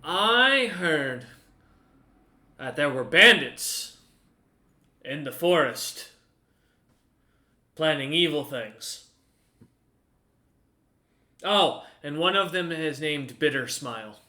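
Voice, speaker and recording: Man putting on a boozy tavern drunk, slow and loud drawl, bright tone, roomy sound. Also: a little high, lively intonation, heavily acted. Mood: gossipy. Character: drunk red-cheeked man gossiping over beer.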